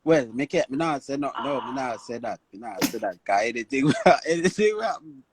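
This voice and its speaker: A Jamaican man chatting as a guest on a live talk show, animated and quick to laugh. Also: medium pitch, crowd noise. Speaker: panel guest. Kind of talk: casual chat.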